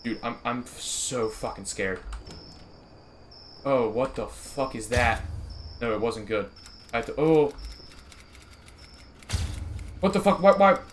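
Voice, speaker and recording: Profane, jumpy young gamer. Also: male voice, medium pitch, expressive, slow, pauses often, a little hiss or hum. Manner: profane, jittery, nervously joking. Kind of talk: horror game let's play commentary.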